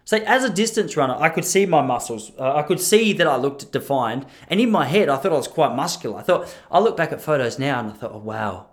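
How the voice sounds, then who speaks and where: A man's voice: fairly high pitch, lively intonation, fast talker, few pauses. A man in his thirties, talking casually and rambling as a podcast host, joking at his own expense and laughing at his own lines. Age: 30s. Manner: chatty, self-mocking, laughs at own jokes.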